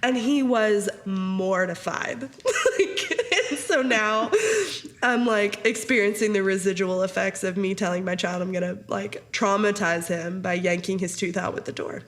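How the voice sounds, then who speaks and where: A woman's voice: mid-range voice, unhurried. A woman in her thirties co-hosting a podcast, chatting casually and telling stories with lots of laughter. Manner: giggly, animated storytelling with frequent laughter. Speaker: podcast co-host.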